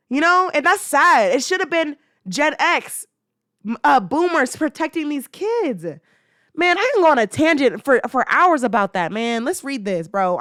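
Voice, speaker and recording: A woman's voice: sits high, very animated, moderate pace, fairly bright tone, no room sound, clean studio sound. A young woman hosting a casual talk show, talking in a heated, emphatic way with slang and lots of repetition. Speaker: podcast host. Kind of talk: casual commentary.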